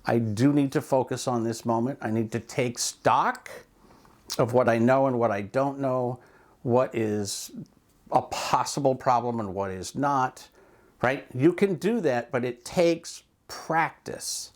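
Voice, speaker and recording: A man speaking in a calm, reflective way as he walks through a mindfulness idea. His pitch sits in the middle range for a man. He often drifts into asides and examples of his own inner talk. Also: a little slow. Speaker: speaker and coach.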